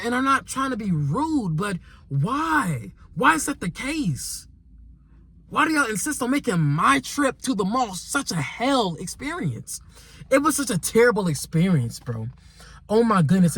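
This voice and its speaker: A man's voice: sits high, bright, forceful tone, husky. A young man vlogging a casual storytime monologue, rambling and repeating himself with exasperation and slang.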